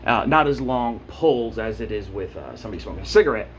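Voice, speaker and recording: A man's voice: fairly low pitch, animated, quick pace, slight background noise. A man vlogging in a blunt, profane rant, getting worked up as he talks. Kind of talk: casual rant to camera.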